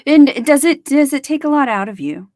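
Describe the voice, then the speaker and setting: A woman's voice: high voice, expressive, moderate pace, darkish tone, dry recording, studio quality. A woman co-hosting a podcast, asking a guest questions attentively. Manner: attentive, asks questions, many short backchannels. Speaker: podcast co-host. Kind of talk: interviewing a guest.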